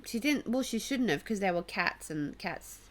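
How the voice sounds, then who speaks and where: A young woman co-hosting a casual podcast, a chatty storyteller with a soft, affectionate way of talking. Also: mid-range voice, lively intonation, normal speed. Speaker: podcast co-host. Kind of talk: casual chat.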